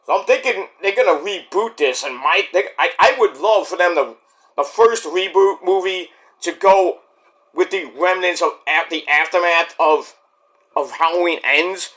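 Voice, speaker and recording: A man's voice: high voice, unhurried, pushed and bright. A man hosting a casual solo podcast, rambling and swearing freely as he loses his thread. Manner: rambling and profane, trailing off. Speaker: podcast host.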